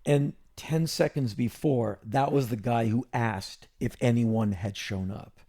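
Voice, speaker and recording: A man in his fifties, hosting a podcast and telling a long story in a casual, animated way, with quick restarts. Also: mid-range voice, vocal fry. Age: 50s. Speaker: podcast host.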